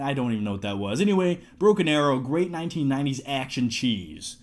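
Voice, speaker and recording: A man in his twenties talking casually to camera, reviewing his movie collection in a jokey, excitable way. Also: medium pitch, fast talker, hardly any pauses. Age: 20s.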